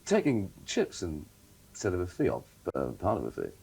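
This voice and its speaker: A man's voice: sits low, huge pitch swings, brisk, creaky, a little mellow, breathy edge. A man, presenting a 1980 television chat show and teasing his guest in a jovial way. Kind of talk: studio chat show interview. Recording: 1980 television studio recording.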